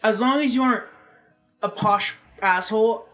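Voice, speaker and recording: A woman's voice: fairly high pitch, normal speed, a bit bright, soft background music. A woman joking and teasing in a casual podcast chat, laughing often. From United States. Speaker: podcast co-host.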